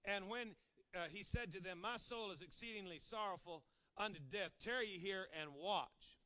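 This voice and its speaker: A man's voice: high-pitched, normal speed, bright, forceful tone. A male pastor preaching a sermon, acting out pleading voices dramatically.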